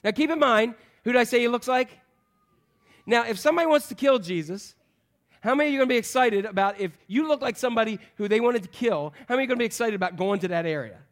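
Higher-voiced man preaching a sermon, animated, joking, playful asides. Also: fast. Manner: animated and joking, acting out voices of the people in the story. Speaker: pastor.

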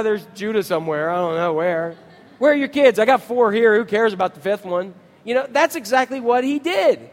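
A middle-aged man, a pastor, preaching a sermon and asking the congregation questions in an animated way. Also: high voice, in a large hall.

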